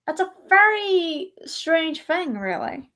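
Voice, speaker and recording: A young woman with a notably high voice chats casually during a livestream. She rambles from thought to thought and often breaks off mid-sentence to start again. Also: sing-song, slow, pushed and bright. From Ireland.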